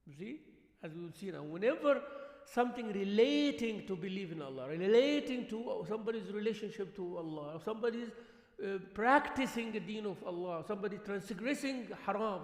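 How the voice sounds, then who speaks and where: A man teaching a relaxed religious lesson as a sheikh, mixing Arabic words into his English, asking his listeners questions and laughing often. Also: sits high, vocal fry. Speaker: sheikh teaching a mosque class. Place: mosque hall. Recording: echoey hall with long reverb.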